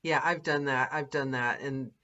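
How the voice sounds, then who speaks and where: A woman's voice: a bass voice, normal speed. A woman podcast host who narrates audiobooks, chatting casually and animatedly with a guest. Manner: animated, laughs often, lively mimicry. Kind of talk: casual interview chat. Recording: dull lo-fi audio.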